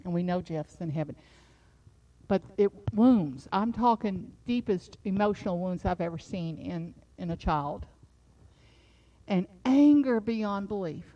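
A middle-aged woman preaching a sermon, moving from a quiet personal story into fervent, rising exhortation. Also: mid-range voice, expressive, a little slow. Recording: slightly dull lo-fi sound.

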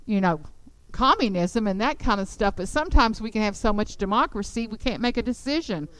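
A woman teaching the Bible to a group in an animated, emphatic storytelling manner. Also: mid-range voice, a little fast, clean tone, dry recording, poor audio.

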